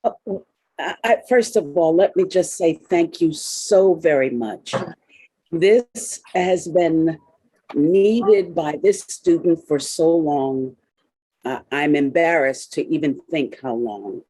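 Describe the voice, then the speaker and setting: Hesitant low-voiced woman asking a question. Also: takes it slowly, warm tone, husky, no room sound, rough recording. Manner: hesitant, many restarts and fillers. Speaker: audience member asking a question. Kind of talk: earnest question in a discussion.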